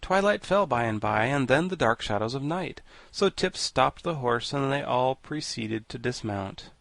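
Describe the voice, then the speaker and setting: A man reading a classic children's novel aloud as audiobook narrator, in an even, measured storytelling manner. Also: medium pitch, gravelly, dry recording.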